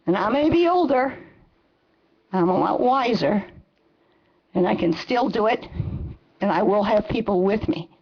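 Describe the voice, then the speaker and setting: A woman's voice: on the high side, husky. A woman in her seventies giving an angry, impassioned public comment at a council meeting. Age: 70s. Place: council chamber. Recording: dull lo-fi meeting recording.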